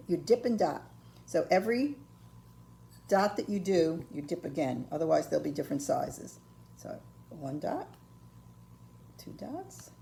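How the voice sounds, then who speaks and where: An older woman giving a patient, step-by-step ceramics painting lesson, filling pauses with ums and okays. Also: deep voice, creaky, warm tone, a little hiss or hum. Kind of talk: step-by-step craft tutorial.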